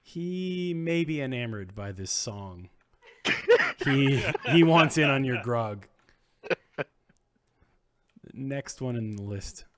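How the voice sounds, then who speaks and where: A male game master narrating a streamed tabletop session. His pitch swings widely as he talks through the dice rolls. He laughs often. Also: slow, long pauses. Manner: laughs often, animated rulings. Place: home streaming setup.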